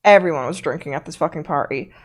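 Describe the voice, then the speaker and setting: A woman's voice: deep voice, quick pace. A woman streamer telling a story in a casual, blunt way, swearing freely and with emphasis.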